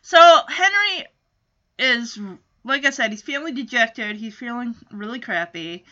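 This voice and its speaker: A woman's voice: a little high, animated, unhurried, sharp tone. A woman recapping a TV episode in a casual chat, joking and adding indignant asides. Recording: dull lo-fi audio.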